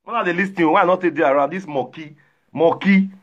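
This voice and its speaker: A man with a Nigerian Pidgin accent hosting a livestream, taunting rivals loudly and greeting viewers by name. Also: fairly high pitch, fast talker, lo-fi sound. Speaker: livestream host. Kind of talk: livestream rant.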